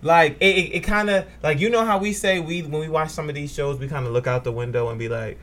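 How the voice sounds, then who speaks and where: Halting, lively podcast man. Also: on the high side. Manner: halting, repeats words, animated retellings. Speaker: podcast co-host. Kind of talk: casual chat.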